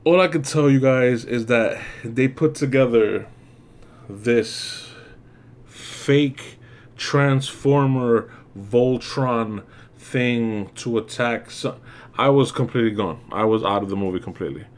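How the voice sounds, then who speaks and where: A man's voice: medium pitch, slow pace. Exasperated man ranting in a review. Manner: ranting, exasperated, lots of fillers and swearing. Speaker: movie reviewer. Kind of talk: casual spoken movie review.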